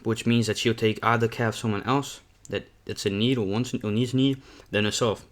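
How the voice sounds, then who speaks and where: A man's voice: lowish voice, steady tone, normal speed. A young man vlogging a mukbang, talking casually and candidly between bites, rambling and often saying "man". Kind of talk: casual talk to camera while eating.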